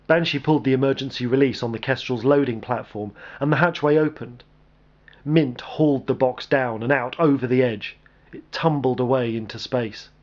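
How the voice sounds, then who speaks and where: A man reading a military action story aloud as narrator, in a steady, even delivery. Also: medium pitch, normal speed, muffled recording.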